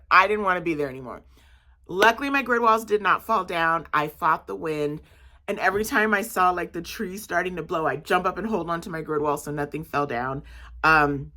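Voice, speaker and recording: A young adult woman vlogs about her day at a market stall, talking in a loose, animated way full of "um" and "like." Her voice sits slightly low but has a bright, forward edge. She tells it casually, as if talking to friends. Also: fairly quick. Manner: animated, chatty storytelling with many fillers. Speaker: market vendor vlogger. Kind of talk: casual storytelling vlog.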